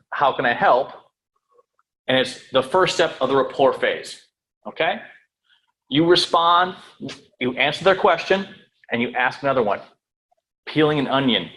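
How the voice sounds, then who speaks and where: A man teaching real estate sales in a room with an audience, lively, checking in with "right?" and "okay?" and acting out phone calls. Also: fairly high pitch, low-quality recording. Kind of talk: live sales training talk.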